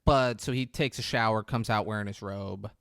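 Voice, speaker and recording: A man on a podcast recapping a movie in casual chat, crude and animated, often mimicking the characters in quick bursts. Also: fairly low pitch, creaky, clean tone, no room sound, clean studio sound. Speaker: podcast co-host.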